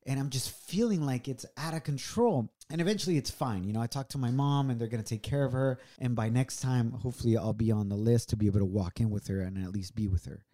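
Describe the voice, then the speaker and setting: Earnest man, mellow voice. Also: quick pace, hardly any pauses. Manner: earnest, reflective, swings from low and quiet to raised. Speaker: podcast co-host. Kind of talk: personal storytelling on a couple's podcast.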